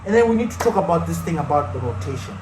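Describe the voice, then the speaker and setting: Heated high-voiced football fan ranting. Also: male voice, sing-song, quick pace. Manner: heated, swearing, repetitive outbursts. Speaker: fan channel host. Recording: echoey room with faint noise.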